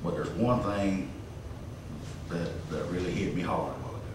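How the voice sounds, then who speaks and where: A low-voiced council member answers in a calm, deliberate, reassuring way. He is heard from far away in a very echoey chamber, with faint background hiss. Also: creaky. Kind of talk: measured reply at council meeting.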